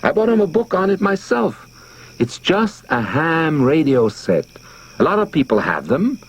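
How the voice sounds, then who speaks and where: A man's voice: on the high side, sing-song, a little slow, breathy edge, voice pushed up, full character voice, low-quality recording. A man voicing a frightened wife who pleads anxiously with her husband and the neighbors in an audiobook. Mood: pleading.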